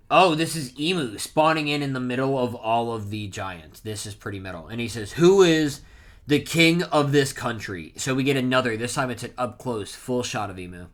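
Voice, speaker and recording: A man in a middle register talks through a manga chapter as a casual reaction. He jumps to loud, emphatic bursts whenever he reads a character's line aloud. His delivery rambles, with restarts and quick self-corrections. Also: mid-range voice.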